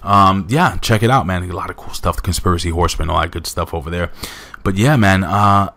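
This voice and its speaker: A man's voice: deep voice, fairly quick, pushed and bright. A man reviewing a wrestling show in a casual recap, rambling with lots of fillers and asides to his viewers.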